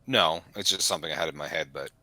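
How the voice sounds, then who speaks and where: A man's voice: extremely low pitch, fast talker, a crowd in the background. A man running a tabletop game as game master, narrating in a rambling, self-correcting way.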